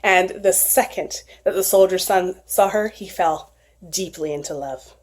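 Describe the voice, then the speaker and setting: A woman retelling a folktale aloud in an expressive, animated storytelling manner. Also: fairly low pitch, a little slow.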